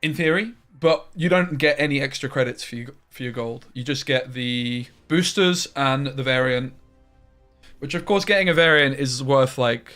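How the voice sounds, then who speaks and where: A man streaming a card game live, chatting casually with viewers and breaking into loud exclamations. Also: mid-range voice. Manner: chatty, talks to chat, bursts into loud exclamations.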